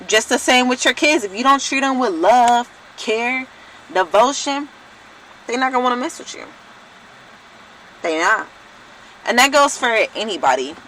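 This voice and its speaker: A young adult woman talking casually to her viewers in a vlog, rambling, loose and excitable, with some swearing. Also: a little high, slight background noise, low-quality recording. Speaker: vlogger.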